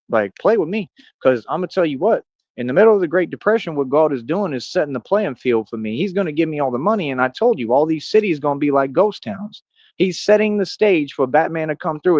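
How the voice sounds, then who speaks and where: A man's voice: on the high side, no room sound. Man, 30s, streamer, combative bragging rant, dull lo-fi dry audio. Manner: boastful, confrontational ranting. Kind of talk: rambling livestream monologue.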